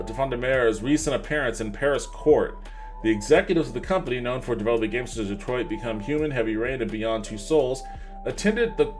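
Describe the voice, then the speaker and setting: A man hosts a livestream podcast in a mid-range voice, reading articles aloud and breaking off for wry asides. His delivery is loose and conversational, with frequent restarts and stumbles over names. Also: medium pitch. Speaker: podcast host.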